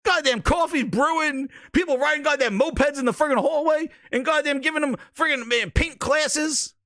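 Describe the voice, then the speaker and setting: Laughing and swearing, this host riffs through his video commentary at a moderate pace, his very high, bright voice leaping up and down. It's animated ranting, captured close and dry with no surrounding room.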